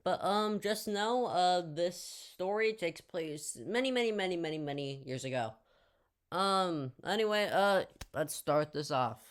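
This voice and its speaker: A woman's voice: lowish voice, lively intonation, a little slow. A young woman telling a casual storytime tale, rambling with lots of jokey asides and fillers.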